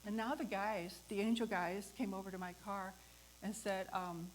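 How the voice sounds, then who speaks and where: A woman hosting a talk, telling a personal story in a lively way, acting out the voices of the people in it and laughing often. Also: medium pitch, moderate pace, slight background noise, poor audio. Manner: animated, acts out the voices in her story. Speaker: host.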